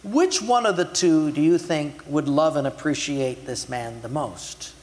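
A pastor preaching a sermon, retelling scripture in everyday words and slowing down to stress key points. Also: male voice, fairly high pitch, a little mellow, long reverb tail. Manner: retells scripture in a casual way, slows down for emphasis.

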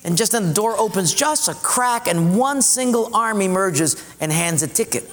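A man's voice: sits high, normal speed, fairly bright tone, in a large hall. A man preaching a sermon, telling a story animatedly and acting out the voices.

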